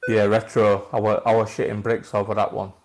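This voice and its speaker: A man with a lowish voice, chatting casually on a podcast. He talks in a halting, reflective way and often restarts his sentences. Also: level tone, a little hiss or hum. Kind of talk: casual chat.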